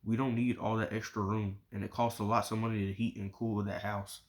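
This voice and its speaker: A man's voice: fairly low pitch, level tone, a little fast, lightly acted. A man voicing a caring, protective mother while reading a novel aloud. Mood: frank.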